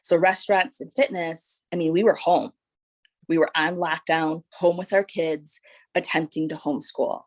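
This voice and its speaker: A woman telling a personal story as a guest, lively and full of "like" and "right?", acting out what others said. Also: deep voice, normal speed. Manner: animated storytelling, acting out quoted voices; frequent fillers like "like" and "right?". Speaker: guest sharing her story. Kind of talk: personal testimony.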